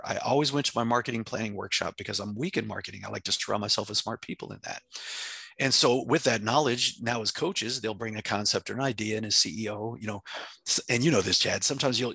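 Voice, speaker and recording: A man speaks with passionate intensity, his gravelly, husky voice pushing forward at a quick clip. His tone is bright and forceful, and he leans hard on his points. The sound is dry and close. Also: on the low side, no echo. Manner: intense, emphatic, acts out his own quoted speech. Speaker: company president and CEO, guest. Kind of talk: passionate interview answer.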